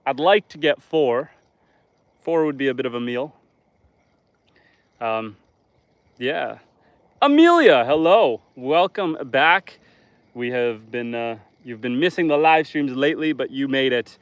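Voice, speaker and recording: A man's voice: medium pitch, measured pace, long pauses, clean tone, dry recording, muffled recording. Chatty Canadian homesteader man outdoors. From northern Canada. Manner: chatty, joking, talks to chat while fishing. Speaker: homesteader and livestreamer. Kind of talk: casual live stream chat. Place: outdoors by a lake.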